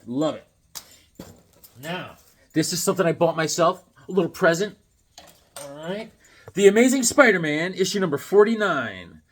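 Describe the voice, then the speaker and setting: A middle-aged man chatting casually as he shows off his comic books, telling stories in a lively way and laughing often. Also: a little high, normal speed. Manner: animated storyteller, laughs often, acts out voices. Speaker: comic book collector vlogger. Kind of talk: casual chat showing comics.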